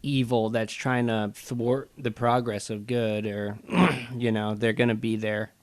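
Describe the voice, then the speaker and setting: A man's voice: medium pitch, flat delivery, unhurried, dry recording. A man in a mid-range voice, the game master, chats about his campaign's story and factions. His tone is easygoing and he laughs easily. The sound is close and dry. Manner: explains lore, laughing easily. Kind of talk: casual podcast chat.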